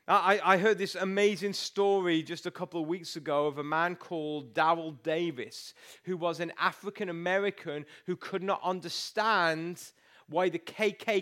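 Brief: man, middle-aged, pastor delivering a lively sermon, high and bright voice. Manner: storytelling, animated and conversational.

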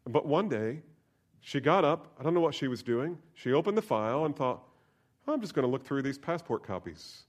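A male pastor with an expressive, mid-range voice preaches a sermon at normal speed. He tells a personal story, shifting between soft, hushed asides and loud, emphatic preaching.

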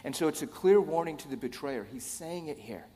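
A man's voice: fairly high pitch, expressive, brisk, mellow. A man preaching a sermon in a casual, conversational way, with joking asides to the congregation. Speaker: pastor. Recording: long hall reverb.

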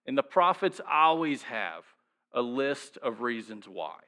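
A man's voice: medium pitch, very animated, measured pace, pushed and bright. A male pastor preaching a sermon in a conversational way, asking the congregation many rhetorical questions.

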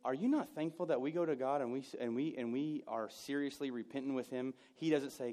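Man in mid-range voice, preacher, conversational sermon, swings loud to hushed, wry self-mocking humor. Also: medium pitch, brisk. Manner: animated, swings between loud emphasis and hushed asides.

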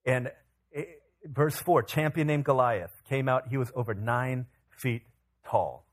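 A male pastor preaching a sermon in an animated, casual storytelling way. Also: mid-range voice, unhurried.

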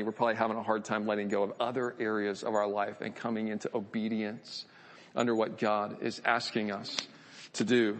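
A man's voice: mid-range voice, fairly bright tone, big-room sound. A man giving a conversational, earnest sermon, often repeating words as he thinks aloud. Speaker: pastor.

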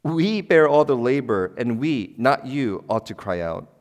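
A man putting on the voice of a team of weary oxen, indignant and raised in pitch as they complain about the work. The voice rings with a long reverb from a church hall. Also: animated, unhurried, close to an everyday voice.

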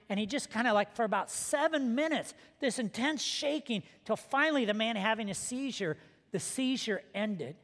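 A man's voice: sits high, a bit bright. A man preaching a sermon as pastor, telling a story and acting out the people in it. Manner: storytelling, acting out quoted voices. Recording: long reverb of a large hall.

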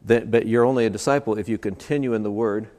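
A man's voice: on the low side, fast, darkish tone. A man preaching a sermon at a church service, emphatic and building points through stacked, repeated phrases. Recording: long hall reverb.

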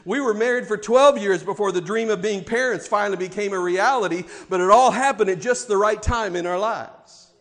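Man, pastor, sermon, high-pitched, emphatic repetition. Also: a little fast, hardly any pauses. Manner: emphatic, repetitive preaching cadence.

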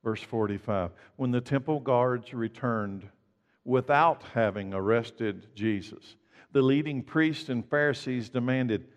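A man preaches a sermon in a church sanctuary. He sounds emphatic, rising to loud declarations and dropping to hushed lines. His voice sits at a middling pitch and trails off in a long hall reverb. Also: a little slow, lo-fi sound. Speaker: pastor.

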